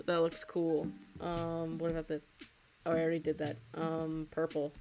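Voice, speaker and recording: A woman's voice: deep voice, monotone, normal speed, gravelly, darkish tone. A woman in her twenties, chatting casually and rambling with many fillers and frequent giggles while she draws on a stream. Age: 20s. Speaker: streaming artist. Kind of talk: casual chat while drawing.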